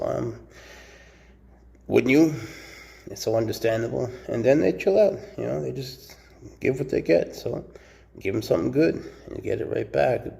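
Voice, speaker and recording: A man who keeps snakes, talking casually and fondly about them, slipping into doting baby talk and soft whispers. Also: lowish voice, creaky. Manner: drops to soft whispers at times. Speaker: snake keeper. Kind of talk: casual talk to camera while handling snakes. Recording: faint background noise.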